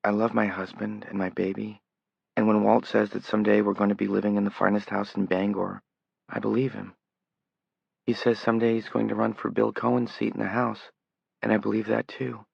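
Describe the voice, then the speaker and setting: A man's voice: fairly low pitch, little pitch movement, brisk, vocal fry, husky, dry recording, exaggerated voice. A man voicing a tearful, anxious young woman, his voice rising as she pleads. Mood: tearful, pleading. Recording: dull lo-fi audiobook recording.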